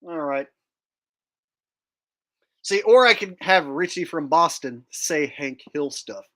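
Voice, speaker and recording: Guy hosting a stream, slow drawn-out talk, slightly high voice, deadpan bragging. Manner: deadpan mock bragging, joking. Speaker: livestream host. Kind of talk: casual livestream chat.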